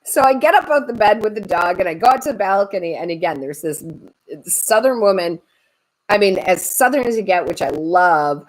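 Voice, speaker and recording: A woman tarot reader and medium chatting on a live stream, animated and laughing often as she tells stories to her viewers. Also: mid-range voice, moderate pace, rough recording. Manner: chatty, animated, laughs a lot while talking.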